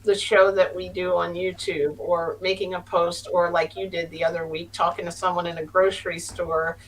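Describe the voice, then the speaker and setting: In a fairly low, level voice at normal speed, a middle-aged woman tells a story as a podcast guest. Her casual telling is earnest and meandering with many restarts, and the distant mic carries a faint hum.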